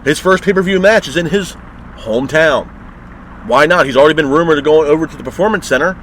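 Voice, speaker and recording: Ranting, foul-mouthed man, slightly high. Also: quick pace, fairly bright tone, slight background noise, poor audio. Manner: heated, exasperated, swears constantly. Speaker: wrestling review host. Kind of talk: profane ranting review.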